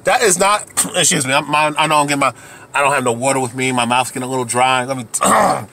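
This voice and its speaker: A man's voice: mid-range voice, fast talker, creaky, bright, forceful tone, slight background noise. A man delivering an angry, profane rant to camera as a video commentator, heated and repetitive, often restarting his sentences.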